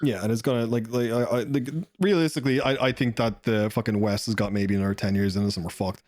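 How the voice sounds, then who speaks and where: Irish man, fast-talking guest, profane and giggly, close dry mic. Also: fairly low pitch, fairly even intonation, darkish tone, no echo. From Ireland. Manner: profane, rambling, laughs often. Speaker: podcast guest. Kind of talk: casual podcast chat.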